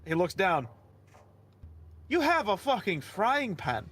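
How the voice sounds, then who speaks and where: Casual male game master, animated and bright, faint music underneath. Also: high-pitched, slow, dry recording. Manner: casual and giggly, with loose swearing and fillers. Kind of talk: narrating a tabletop game.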